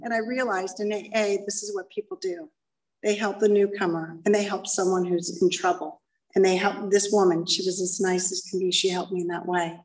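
This is a middle-aged woman sharing her story at a recovery meeting, speaking a little fast at a medium pitch. Her candid, self-mocking testimony is delivered to a live audience in a meeting room and picked up from a distance.

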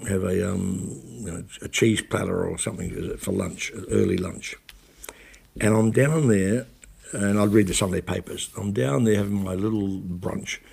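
A deep, creaky male voice with a darkish tone and a breathy edge belongs to a radio broadcaster. In a casual spoken recollection, he recounts events in a rambling way, correcting himself as he goes and swearing bluntly.

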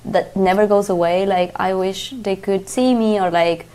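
A woman's voice: medium pitch, fairly even intonation, normal speed, mellow, low-quality recording. Woman musing with hesitant fillers. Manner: supportive listener, hesitant rambling with fillers. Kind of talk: casual chat.

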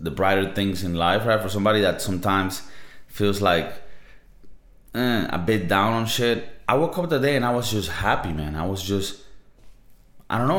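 This podcast host is a young man with a Latin American Spanish accent, delivering a laid-back monologue full of profanity and slang. His voice sits fairly low with a fairly bright tone, and the room gives off a noticeable echo.

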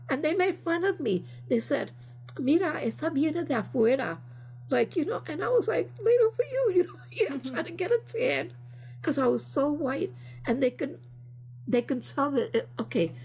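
Older woman, gravelly husky voice. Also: medium pitch, a little mellow. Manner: rambling, many fillers, slips into Spanish phrases. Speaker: interviewee. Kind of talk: casual storytelling.

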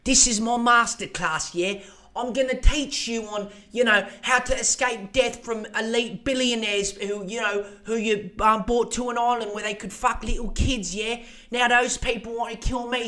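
A man's voice: very high voice, fairly even intonation, normal speed, pushed and bright, voice pushed up. A man voicing a brash, shameless middle-aged British socialite woman with a put-on Cockney accent, rambling and crude. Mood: brash, defensive. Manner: crude, rambling, full of "yeah?" and "bruv".

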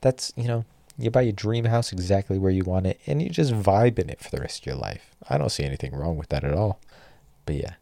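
A man's voice: low-pitched, lively intonation, fairly quick, vocal fry, mellow, no room sound, clean studio sound. A young man hosting a solo podcast, ranting with exasperation and lots of swearing. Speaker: podcast host.

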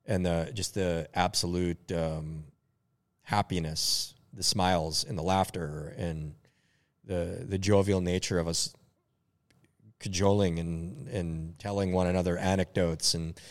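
A man's voice: sits low, fairly even intonation, measured pace. A man co-hosting a podcast, talking reflectively in casual chat and searching for words with many fillers. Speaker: podcast co-host.

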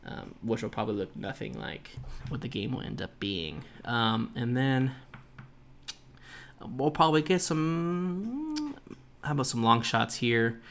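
Male podcast host, relaxed speculative talk, average pitch. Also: normal speed, vocal fry, a little hiss or hum. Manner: casual, speculative, loose. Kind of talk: solo podcast commentary.

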